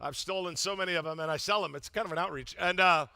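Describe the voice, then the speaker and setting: An older man preaching a sermon as pastor, telling funny stories with loud, emphatic bursts. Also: high-pitched, vocal fry. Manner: humorous storytelling, animated, loud emphatic bursts.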